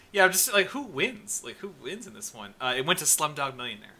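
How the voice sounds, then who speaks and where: Jokey podcast guy, super bright tense voice, laughs a lot, chatting casually. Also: a little high, husky. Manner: excitable and jokey, laughs often. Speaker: podcast co-host. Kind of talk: casual chat.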